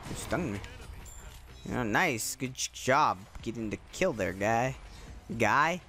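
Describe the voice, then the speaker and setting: A young man runs his own gaming channel, delivering excitable, casual commentary over his gameplay and often repeating his exclamations. His voice is mid-range and he speaks slowly.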